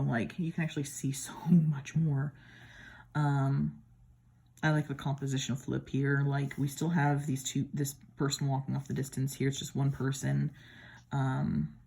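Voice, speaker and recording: A tarot deck reviewer from the American Midwest speaks in a bass, creaky, warm voice, level in tone and moderate in pace. Comparing decks at home, she's chatty and admiring, slipping in playful asides.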